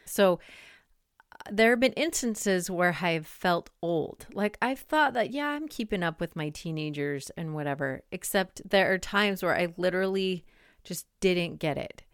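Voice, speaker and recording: A woman in her forties talks casually into a close microphone for her podcast, rambling with plenty of "like" and "um". Her voice sits a little low and sounds smooth and clear. The room is dry, with no echo. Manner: chatty, rambling, lots of "like" and "um". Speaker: podcast host. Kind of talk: casual monologue.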